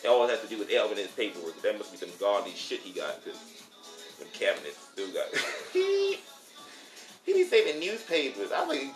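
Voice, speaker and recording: A man spins casual stories with a sassy, profane flair, his pitch bouncing up and down all the time. He keeps calling the listener honey and child. The room is echoey and faint music plays behind him. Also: huge pitch swings, fairly quick. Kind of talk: casual storytelling. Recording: roomy echo with faint music.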